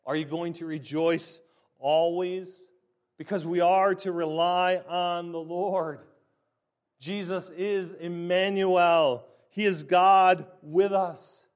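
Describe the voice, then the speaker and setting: A man preaching a sermon in an emphatic, deliberate way, stressing key words. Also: high voice, steady tone, clean tone.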